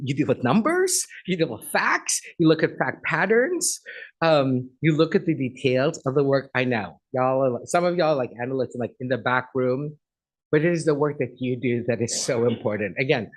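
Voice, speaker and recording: A man's voice: on the high side, poor audio. A middle-aged man giving a chatty, effusive guest speech at an agency event, then taking audience questions.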